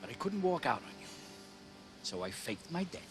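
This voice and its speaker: A man's voice: fairly high pitch, big pitch swings, normal speed, over music. An actor playing a meek retired husband in his sixties who faked his own death, talking sheepishly, stammering and yelping. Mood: confessing. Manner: sheepish and stammering, breaking into yelps. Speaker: runaway husband. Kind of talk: TV sketch comedy acting.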